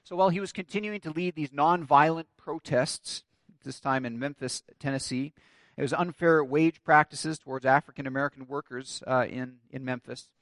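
A man's voice: on the high side, normal speed, fairly bright tone, no echo. A man preaching a sermon, telling a story and building to emphatic declarations. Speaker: pastor.

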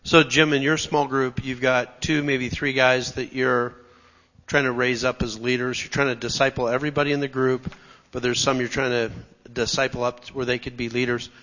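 A man's voice: medium pitch, flat delivery, moderate pace, fairly bright tone, long reverb tail, highs cut off. Methodical male church teacher. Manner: explanatory, methodical, clears throat. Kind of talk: teaching talk.

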